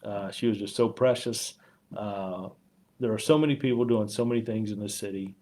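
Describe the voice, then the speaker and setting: Emotional police chief on a live stream. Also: male voice, on the low side, moderate pace, warm tone. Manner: heartfelt, rambling, frequent fillers. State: choked up with emotion. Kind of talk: live-streamed community chat.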